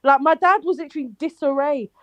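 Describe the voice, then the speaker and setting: A woman with a London accent chatting on a remote call about football, animated and swearing, tripping over her words. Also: high-pitched, fast, no room sound, muffled recording. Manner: animated, swearing, self-interrupting. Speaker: panel guest. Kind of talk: casual football chat.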